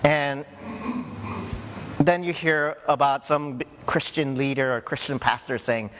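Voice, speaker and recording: A man's voice: medium pitch, slow pace, a bit bright, long reverb tail. A man preaching a sermon as a pastor, earnest and conversational, often checking in with "right?".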